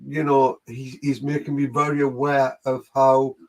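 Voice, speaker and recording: A man's voice: medium pitch, flat delivery, measured pace. A man with a Geordie accent, working as a medium and chatting through a live online reading session while greeting viewers by name.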